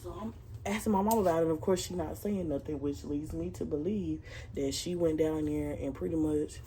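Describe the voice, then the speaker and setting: A woman's voice: sits low, a little fast, a little hiss or hum. A young woman vlogger telling a family story in a casual, profane, slang-heavy way and. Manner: profane, animated retelling with slang.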